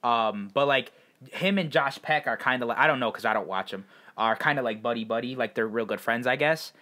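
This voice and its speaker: This podcast co-host is a young man with a mid-range, bright, forceful voice and a brisk delivery. His talk is a casual chat, rambling and packed with filler words.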